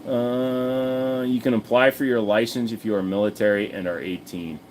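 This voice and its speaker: A man's voice: medium pitch, little pitch movement, moderate pace, slight background noise. A man hosting a casual livestream, answering chat in a blunt, profane, rambling way with plenty of fillers. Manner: chatty, talks straight to viewers.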